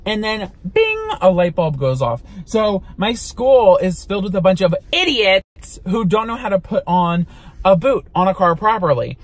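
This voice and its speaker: A young man vlogging from inside a car, telling a story in an animated, dramatic way and swearing now and then. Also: high voice, normal speed. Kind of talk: storytime vlog.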